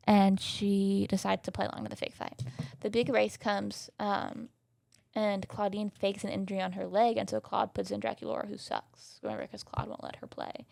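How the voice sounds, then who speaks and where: A woman's voice: mid-range voice, little pitch movement, normal speed, creaky, darkish tone, no echo. A young woman hosting a podcast, recapping in a chatty, sassy way and swearing freely. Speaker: podcast host. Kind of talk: casual recap chat.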